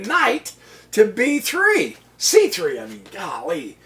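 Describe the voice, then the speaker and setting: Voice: medium pitch, huge pitch swings, unhurried, a bit bright, distant mic. A chess channel host giving casual commentary on their own game, chuckling often and exclaiming with delight at the opponent's moves.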